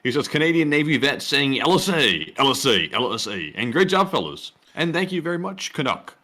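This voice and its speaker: Guy co-hosting a stream, reads out donations, bouncy bright voice. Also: medium pitch, sing-song, fairly quick. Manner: reads donations aloud, jokey. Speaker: co-host. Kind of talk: casual live-stream chat.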